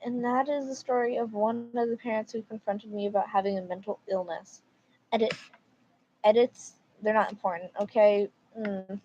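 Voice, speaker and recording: A woman's voice: mid-range voice, fairly even intonation, moderate pace, warm tone, a little hiss or hum. A woman streamer reading stories aloud and reacting casually, with emphatic remarks. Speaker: livestreamer. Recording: dull lo-fi mic.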